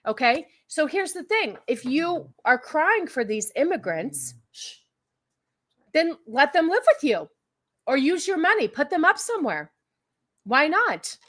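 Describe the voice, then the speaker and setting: A woman's voice: high voice, very animated, a little slow, fairly bright tone. A woman hosting a casual livestream podcast, talking in a sarcastic, mocking way and laughing often. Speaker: podcast host.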